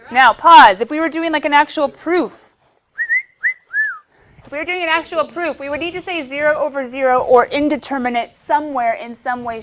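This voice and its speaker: Woman, math teacher in a classroom, lively and joking, slightly higher pitch, light background noise. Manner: chatty, playful, talks to herself while teaching. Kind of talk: classroom lecture.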